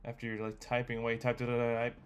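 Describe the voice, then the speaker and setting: A young man from Australia chatting casually while learning to code, rambling and quick to get excited. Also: medium pitch, a little hiss or hum. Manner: rambling, excitable, swears when surprised. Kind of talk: casual chat.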